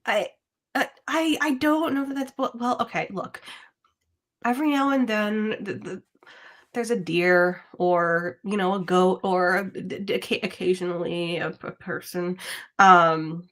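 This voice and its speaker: A wisecracking pagan woman in a tabletop adventure, played by a woman. She jokes freely and trips over her words when she gets flustered, in a voice of middling pitch. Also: fairly even intonation, measured pace, fairly bright tone, lightly acted. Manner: joking, stammers when cornered. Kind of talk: in-character tabletop role-play.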